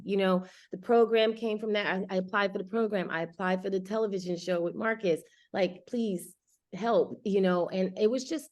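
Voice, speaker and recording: A woman's voice: fairly low pitch, darkish tone. A woman, a restaurant owner speaking candidly and from the heart as an interview guest. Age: 40s. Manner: candid and heartfelt, with casual slang. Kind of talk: conversational interview.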